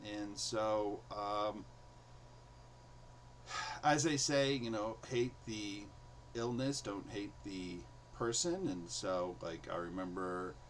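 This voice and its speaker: Male host in his forties; low, conversational, anecdotal delivery with frequent fillers; faint background noise. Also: takes it slowly, low-quality recording. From New York City. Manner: chatty, many fillers, acts out quotes in raised voice. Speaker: host and storyteller. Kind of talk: casual spoken storytelling.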